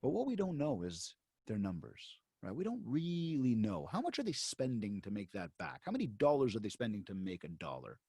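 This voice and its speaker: A lively male speaker whose pitch swoops up and down as he tells a story. He talks to a room of agents in a loose, chatty way, full of "right?" and restarts. The sound is dry and close, with no room echo. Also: normal speed, creaky, husky. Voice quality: animated storyteller who acts out both sides of conversations. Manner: conversational, with many fillers and restarts; addresses the audience directly. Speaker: motivational speaker to real estate agents. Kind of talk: storytelling seminar talk.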